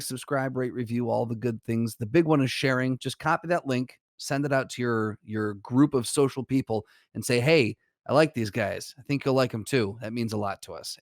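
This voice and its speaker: Relaxed male podcast co-host, dry sound. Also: mid-range voice, moderate pace, dry recording. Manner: relaxed, runs through plugs in a list. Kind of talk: casual podcast chat.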